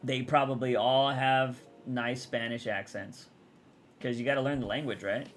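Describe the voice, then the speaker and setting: A young man from Texas, chatting casually on a livestream, rambling and answering chat out loud. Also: medium pitch, steady tone, moderate pace, a little hiss or hum.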